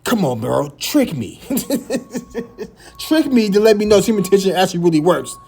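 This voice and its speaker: A man with a small, high voice hosting a reaction video, teasing and laughing as he comments. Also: big pitch swings, normal speed, vocal fry, darkish tone, a little hiss or hum. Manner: high light voice.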